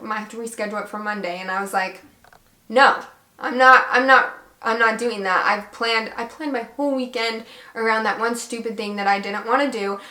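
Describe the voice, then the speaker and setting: Young woman, bright voice, chatty storyteller who acts out the quotes herself, recorded in an echoey room. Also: mid-range voice. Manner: chatty, animated retelling with quoted dialogue. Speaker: vlogger. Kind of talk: casual storytelling.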